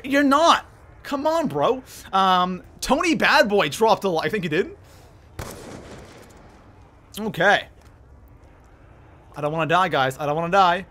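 A man streaming a game live, excitedly thanking viewers by name and reacting to the play. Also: high-pitched. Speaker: livestreamer. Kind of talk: live gameplay commentary.

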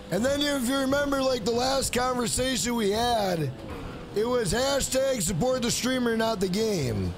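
A man live-streaming a video game, chatting casually with his viewers, thanking them by name and calling them "bro" again and again. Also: sits high. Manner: talks straight to chat, repeats "bro" often.

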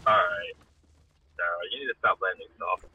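Bright-voiced young man, hoarse banter. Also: low-pitched, moderate pace, a little hiss or hum, low-quality recording. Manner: profane, teasing banter. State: losing his voice. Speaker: streamer. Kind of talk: casual chat with friends. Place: in a car.

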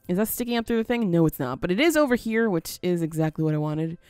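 A woman's voice: fairly low pitch, lively intonation, fast, darkish tone, smooth, no room sound. A woman casually commentating as she plays a building game, thinking aloud with frequent little laughs. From US, near Canadian border. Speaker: gaming video host. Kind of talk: casual let's-play commentary.

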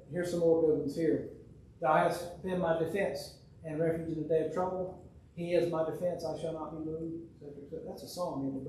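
High-voiced man teaching in echoey church. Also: a little mellow, a little hiss or hum. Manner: folksy, conversational, reads scripture aloud and quotes hymns. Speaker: bible study teacher. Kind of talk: Sunday evening Bible study teaching. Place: church room. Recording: very echoey room, speaker far from mic.

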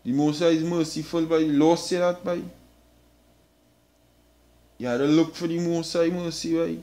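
A man's voice: fairly high pitch, steady tone, moderate pace, mellow. Emphatic preacher man. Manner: emphatic, repeats "boy" after each phrase, swears. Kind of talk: street-style scripture teaching.

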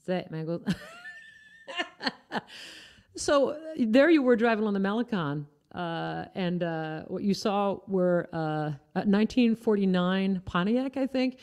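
A woman's voice: mid-range voice, sing-song, slow, a little mellow. A woman from Iowa hosting a live music stream, chatting casually and explaining things as she goes. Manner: chatty, explaining, trails off and restarts. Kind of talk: casual chat.

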